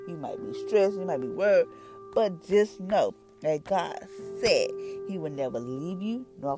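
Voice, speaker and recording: A woman hosting a devotional podcast, reading scripture and then talking it through in a folksy, conversational, animated way. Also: fairly low pitch. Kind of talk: casual devotional talk.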